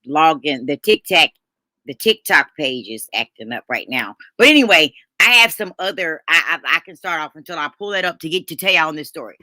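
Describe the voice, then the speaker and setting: A woman's voice: deep voice, animated, a little fast, bright, forceful tone, no echo, studio quality. A middle-aged woman hosts a casual live stream, calling viewers honey and baby, with folksy slang and lots of restarts.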